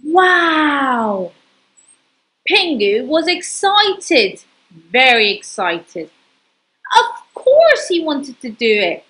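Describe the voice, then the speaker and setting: Female storyteller, higher than average voice, lively sing-song delivery, reads a picture book to a small child unhurriedly. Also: slow pace, rough recording.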